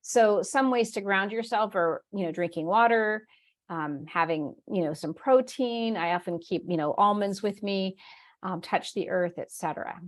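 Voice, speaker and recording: A woman's voice: medium pitch, normal speed. A woman leading a spiritual workshop, telling stories in a chatty way, acting out her inner voice in quoted asides and laughing often. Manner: warm, chatty storytelling with frequent laughs. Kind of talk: live online workshop talk.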